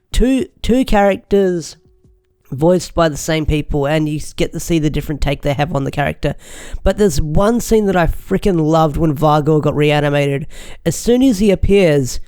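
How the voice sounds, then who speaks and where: Chatty young man reviewing, crisp dry voice. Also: a little high, darkish tone, dry recording. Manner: chatty, enthusiastic, rambling with restarts. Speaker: show reviewer. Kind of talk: casual video review.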